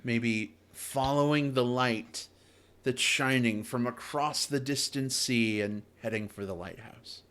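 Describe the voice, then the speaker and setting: A man hosting a podcast, talking in an animated, playful way with lots of fillers. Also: medium pitch, slow. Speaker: podcast host. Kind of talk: casual chat.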